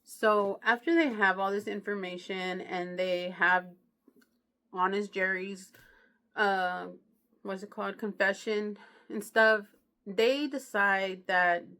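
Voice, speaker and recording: A woman's voice: medium pitch, fairly bright tone. A woman reviewing a true crime book, retelling it in a chatty, slangy way with lots of asides to the listener. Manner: slangy, chatty, keeps asking "you know what I mean". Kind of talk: casual true crime storytelling.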